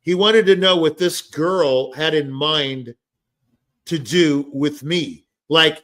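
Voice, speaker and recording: Slow and unhurried, an older podcast host wanders through anecdotes in a casual chat, restarting often and leaning on "you know" and other fillers. His voice sits on the high side and sounds a bit bright.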